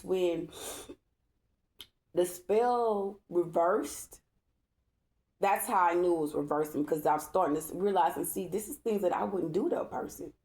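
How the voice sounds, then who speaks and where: A woman's voice: fairly low pitch, dark tone. A woman tarot reader talking to her viewers in a casual vlog, emphatic and repetitive and checking in with "okay?". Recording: echoey room.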